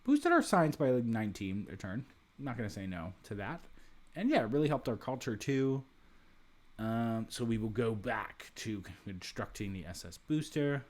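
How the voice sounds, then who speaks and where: A man's voice: medium pitch, very animated, normal speed, a little mellow. Man casually thinking aloud over a game. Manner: thinks aloud with frequent restarts and asides. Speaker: let's play host. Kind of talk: casual video game commentary.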